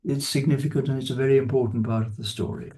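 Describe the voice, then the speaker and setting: A man giving an unscripted lecture on a Bible passage, in a measured, explanatory way that stresses key words. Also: medium pitch, fairly even intonation, dark tone. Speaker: lecturer on scripture.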